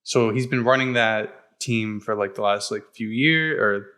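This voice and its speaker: A man's voice: fairly low pitch, normal speed, bright, forceful tone. A young man co-hosting a podcast, explaining in a blunt, profane, casual way while hedging often. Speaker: podcast co-host. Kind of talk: casual chat.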